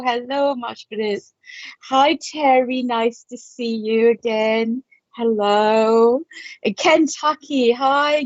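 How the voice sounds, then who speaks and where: A woman's voice: on the high side, no echo, lo-fi sound. A woman in her fifties from Malaysia, a psychic artist chatting casually on a livestream and greeting viewers by name with frequent laughs. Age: 50s.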